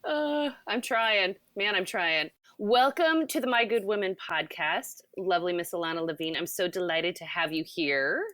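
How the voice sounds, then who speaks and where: Bubbly low-voiced woman podcast host. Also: moderate pace, hardly any pauses, fairly bright tone, dry recording. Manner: bubbly, laughs often. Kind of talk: casual podcast conversation.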